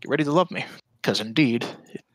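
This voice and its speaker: Guy narrating a tabletop game as dm, bright and kinda husky, dry audio. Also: mid-range voice, animated, fast talker, no echo, poor audio. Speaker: dungeon master.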